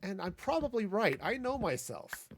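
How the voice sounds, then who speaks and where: A man's voice: high voice, sing-song, moderate pace, breathy edge, no echo, studio quality. A man streaming a building game, talking through his plans in a rambling way with jokey asides. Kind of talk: casual gameplay commentary.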